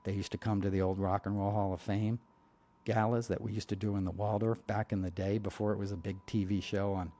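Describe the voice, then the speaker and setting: A podcast host speaks in a fairly low, mellow voice. He talks bluntly and heatedly, rambling through asides and filling gaps with "you know." The delivery is loose and conversational, like a monologue to regular listeners. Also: little pitch movement, fairly quick. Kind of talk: casual political monologue.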